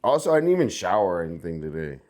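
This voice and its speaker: Hosting a casual livestream, a young American man rambles in a relaxed way before bursting into hyped, sing-song stretches. His voice is deep and a little mellow, very animated and rapid-fire.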